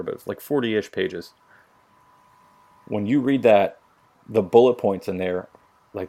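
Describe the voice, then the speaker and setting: A man's voice: fairly low pitch, creaky, a little mellow. A man, a military veteran, telling stories on a casual podcast in a blunt, profane way and acting out what people said. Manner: profane, blunt, acts out quotes.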